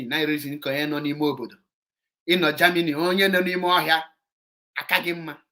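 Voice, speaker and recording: Fiery Igbo-accented political commentator. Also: male voice, a little high, pushed and bright. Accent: Nigerian Igbo. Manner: heated, scolding, mixing English with Igbo. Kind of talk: impassioned political monologue.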